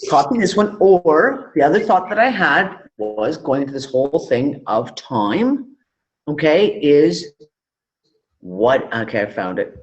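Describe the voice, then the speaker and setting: Higher-voiced man on lo-fi call audio. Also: sing-song, slow. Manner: loose, swearing, trailing off mid-thought. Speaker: podcast co-host. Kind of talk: casual live show chat.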